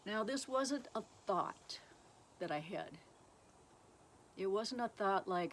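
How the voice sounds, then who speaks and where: Woman, testimony speaker, reading from her book, unhurried, earnest, faint crickets behind. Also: medium pitch, lively intonation, a little hiss or hum. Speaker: Christian testimony speaker and author.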